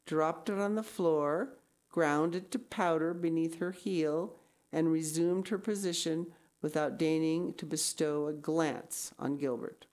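A woman reading a novel aloud in a measured storytelling manner with expressive emphasis. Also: low voice. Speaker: reader.

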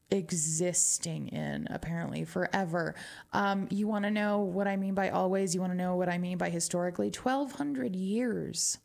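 A woman's voice: on the low side, creaky, darkish tone. A woman from New Mexico with a Southwestern twang, chatting casually as a radio DJ between songs, wry and laughing often.

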